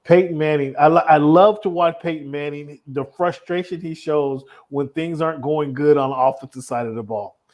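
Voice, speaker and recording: A man co-hosting a casual sports talk show, telling stories with frequent laughter and lively asides. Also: on the high side, normal speed, hardly any pauses. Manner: animated storyteller, laughs often. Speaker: podcast co-host.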